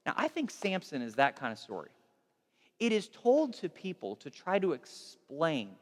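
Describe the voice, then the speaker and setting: Storytelling male pastor with a higher-pitched voice. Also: huge pitch swings, normal speed, long reverb tail. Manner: conversational, self-deprecating, repeats and restarts. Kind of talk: casual storytelling sermon.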